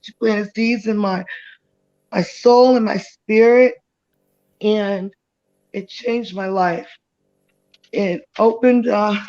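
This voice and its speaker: A woman giving an emotional personal testimony as a guest on a live chat, talking haltingly with many pauses and restarts. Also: mid-range voice, darkish tone, dull audio.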